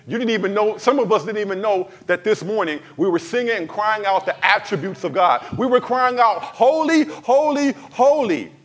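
A man preaching a sermon to his congregation, swinging from fervent cries to soft, emphatic lines and addressing the church directly. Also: sits high, brisk, hardly any pauses. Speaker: pastor.

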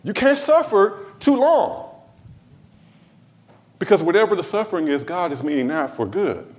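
Animated, conversational preacher. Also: male voice, sits high, moderate pace. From Los Angeles, USA. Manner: animated, conversational preaching with humor and asides to the congregation. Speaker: pastor. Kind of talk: sermon. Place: church.

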